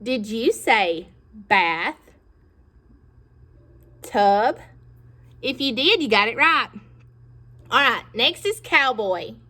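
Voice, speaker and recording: A woman teacher giving a phonics lesson to young children, slow and encouraging, pausing for them to repeat words. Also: fairly high pitch, sing-song, sharp tone. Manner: slow, encouraging, with pauses for pupils to echo.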